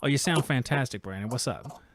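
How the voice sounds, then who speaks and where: A man's voice: medium pitch, fairly quick, noisy background. A man hosting a live call-in trade show from home, telling jokey stories and acting out quotes and noises. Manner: animated joking storyteller, acts out quotes and noises. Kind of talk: casual live-stream chat.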